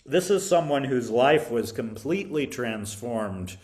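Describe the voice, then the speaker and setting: A man interviewed about his time as a violin teacher, telling stories thoughtfully, with frequent pauses, fillers and restarts. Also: medium pitch, expressive, a little mellow. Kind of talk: reflective interview storytelling.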